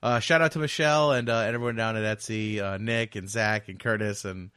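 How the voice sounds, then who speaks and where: A man's voice: fairly low pitch, steady tone, brisk, bright, forceful tone, clear, resonant tone, no echo, studio quality. A man co-hosting a casual podcast, talking loosely with lots of fillers and restarts. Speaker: podcast co-host.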